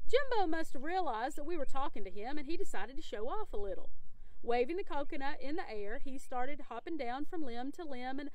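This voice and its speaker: A woman gently reading a chapter book aloud as a bedtime story. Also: high voice, animated, brisk, dry recording, rough recording.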